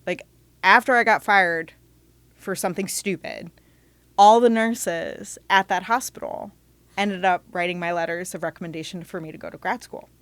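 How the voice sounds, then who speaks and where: Frank woman telling her story, low-toned. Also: no room sound. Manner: animated, frank, quick asides and restarts. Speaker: podcast guest. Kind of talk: candid storytelling in conversation.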